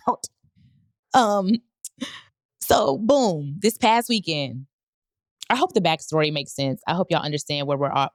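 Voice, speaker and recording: Woman host telling a story to her listeners, laughs a lot, lowish voice, dry sound. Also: no room sound. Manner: candid, animated, laughs often, quotes people in voices. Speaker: podcast host.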